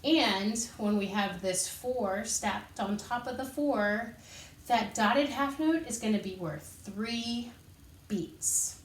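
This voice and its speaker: A woman's voice: mid-range voice, takes it slowly, a little hiss or hum. A woman teaching an elementary music lesson, patiently explaining and counting rhythm syllables aloud while she moves. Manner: encouraging, patient teacher talk. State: out of breath. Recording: echoey room, voice from a distance.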